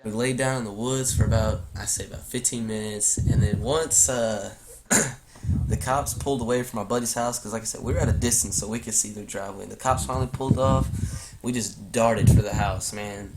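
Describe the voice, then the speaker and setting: Animated teenage guy telling a story. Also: normal speed, noisy background. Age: teens. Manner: animated, acts out quotes in a high crying voice. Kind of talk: casual storytelling.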